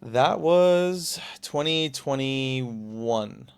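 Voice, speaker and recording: A man's voice: mid-range voice, expressive, extremely slow, vocal fry, clear, resonant tone. A young man in his twenties from the Los Angeles area, a podcast guest telling stories in a rambling way, full of "like" and restarts. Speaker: podcast guest, car salesman. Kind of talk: casual storytelling.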